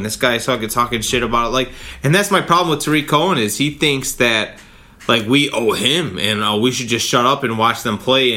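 A man's voice: mid-range voice, sharp tone. A man hosting a sports podcast, ranting heatedly with lots of swearing. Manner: profane, heated, rapid rant. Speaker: podcast host.

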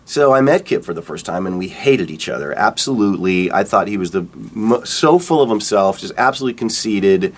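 A middle-aged man, a rock guitarist, casually telling stories about his career in a relaxed, rambling way. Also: lowish voice, brisk, hardly any pauses. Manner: relaxed, rambling, acts out quotes with laughs. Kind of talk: casual storytelling interview.

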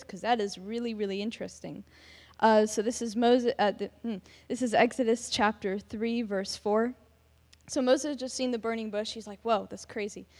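A woman's voice: mid-range voice, a little mellow. A young woman giving a chatty church devotional talk, self-deprecating and full of fillers. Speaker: devotional speaker. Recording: long reverb of a large hall.

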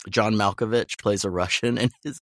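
A man's voice: fairly low pitch, steady tone, normal speed, a bit bright, no room sound, studio quality. Blunt, profane man in casual chat. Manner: blunt, profane, sardonic ranting. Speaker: guest voice actor.

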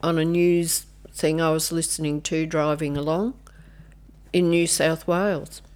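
A woman's voice: low-pitched, steady tone, clear, resonant tone. An older woman, a nun and former educator, chatting as a podcast guest with many hesitations. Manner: slow, hesitant, with many ums and soft asides. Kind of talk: casual podcast chat.

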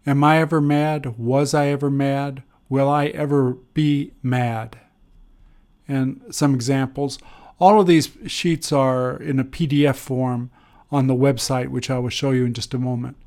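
Slow, deliberate male English teacher. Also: medium pitch, steady tone, darkish tone. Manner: slow, deliberate, with pauses and fillers. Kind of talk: explaining grammar lesson.

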